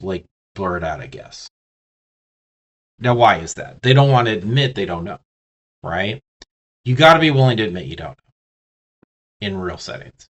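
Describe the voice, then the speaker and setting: His mid-range voice carries a slight brightness. Hiccuping throughout, he teaches business communication casually, talking straight at the listener and repeatedly restarting sentences amid lots of fillers.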